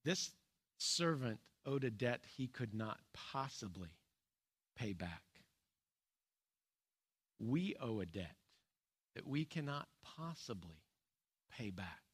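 A man preaching a sermon, earnest and plain-spoken, with pauses, restarts and his voice dropping low and soft on key points. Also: big pitch swings, husky. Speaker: pastor.

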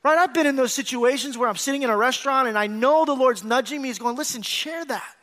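A pastor preaching a sermon to his congregation, earnest, swelling into emphatic bursts and dropping to quiet, confiding asides, calling out to the church. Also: very high-pitched, quick pace. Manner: calls out to the congregation.

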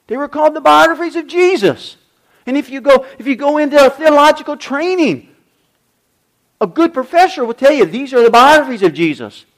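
A man's voice: extremely high pitch, lively intonation, fairly quick, a bit bright. An older man preaching a sermon as pastor, emphatic, with repeated refrains and rhetorical questions.

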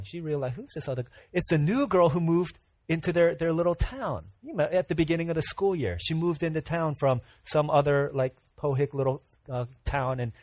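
A man preaching a casual youth sermon, telling stories in a lively way with many fillers and asides. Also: fairly high pitch, dry recording. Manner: animated storytelling with fillers and asides.

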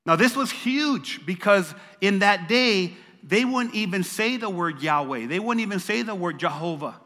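A man's voice: high-pitched, lively intonation, measured pace, pushed and bright. An older man preaching a sermon as pastor, emphatic and repeating phrases for stress. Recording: long reverb of a large hall.

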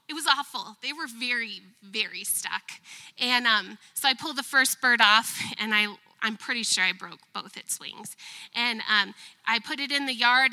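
A woman in her thirties telling a lively, self-mocking story as a testimony during a church service, laughing often. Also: a little high. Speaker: church member giving a testimony.

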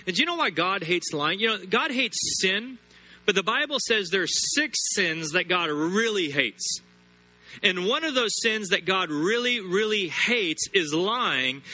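A man preaching a sermon, emphatic, repeating words and slowing down hard on key lines. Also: high voice, sharp tone. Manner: emphatic, repeats words and builds phrases, slows sharply on scripture.

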